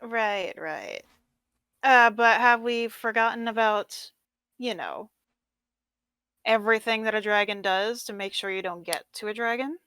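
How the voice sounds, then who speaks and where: A woman's voice: fairly high pitch, a little slow, pushed and bright, smooth, no echo. Woman voicing a cocky scruffy adventurer gal, mocking, dry close sound. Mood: skeptical. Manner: mocking, playfully skeptical. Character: brash grimy female adventurer, teasing. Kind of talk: tabletop role-play in character.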